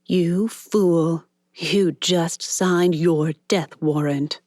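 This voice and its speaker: A woman narrator voicing a disdainful glamorous actress who talks in a slow, utterly bored drawl. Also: on the low side, fairly even intonation, darkish tone, dry recording, clean studio sound. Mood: contemptuous.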